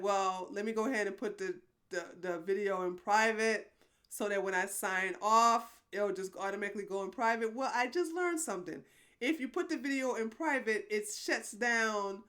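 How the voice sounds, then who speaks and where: Apologetic chatty woman streamer, bright voice. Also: mid-range voice. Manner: apologetic, rambling, laughs often. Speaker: livestream host. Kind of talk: casual live-stream chat.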